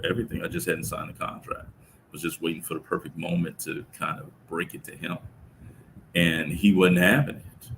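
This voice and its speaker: A middle-aged man telling a personal story about his son in an interview, speaking in a reflective, halting way with many restarts. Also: deep voice, gravelly, slight background noise, poor audio. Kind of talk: conversational storytelling.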